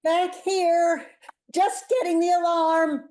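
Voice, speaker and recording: A fussy eighty-year-old woman volunteer, read by a woman in a virtual table read. Her voice sits high and mellow, and she stammers as if flustered. It sounds like a video call. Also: little pitch movement, slow.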